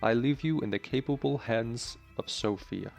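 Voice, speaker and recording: A man's voice: mid-range voice, moderate pace, creaky, a little mellow, soft background music, natural voice. A man voicing a cheerful male professor who acts as a mentor, speaking in a jovial, friendly way.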